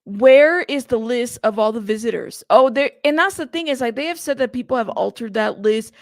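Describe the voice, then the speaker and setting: Woman host of a casual live stream, higher voice with a gravelly fry, dry close sound, chatty and teasing with her viewers. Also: moderate pace, dry recording. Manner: chatty, reads viewer chat aloud and gives shout-outs; playful, teasing. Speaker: livestream host.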